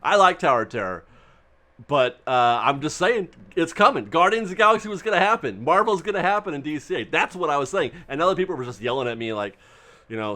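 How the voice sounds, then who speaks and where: A man talking casually as a theme park news vlogger, animated and rambling, laughing often as he speaks. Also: fairly high pitch, a little fast. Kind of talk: casual excited vlog commentary.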